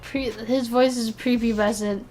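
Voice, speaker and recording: Sleepy young woman streamer, slow rambly chat, kinda high voice, giggly. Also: faint music behind. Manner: excitable, rambling, giggly, with restarts. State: sleepy, yawning. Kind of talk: casual chat while ranking game characters.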